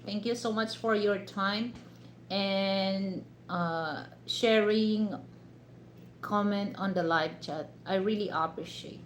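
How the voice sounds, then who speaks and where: A woman's voice: medium pitch, steady tone, takes it slowly, slight background noise. A Filipino woman with a Filipino accent hosting a casual live chat with viewers. She talks chattily and leans on "you know" fillers. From Philippines. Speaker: live stream host. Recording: roomy echo, faint ambience.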